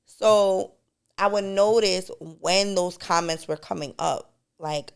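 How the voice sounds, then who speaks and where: A woman's voice: lowish voice, slow, creaky, clear, resonant tone. A woman co-hosting a podcast, telling stories in casual chat and breaking into laughter. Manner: storytelling, bursts into laughter. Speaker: podcast co-host.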